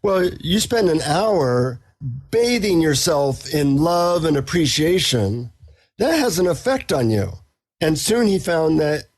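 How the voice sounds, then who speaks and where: A middle-aged man talks as a podcast guest, easygoing and self-deprecating. His voice is husky and sits a little high for a man, and he drifts readily into anecdotes. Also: a little mellow. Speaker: guest author and psychotherapist. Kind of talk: casual interview storytelling.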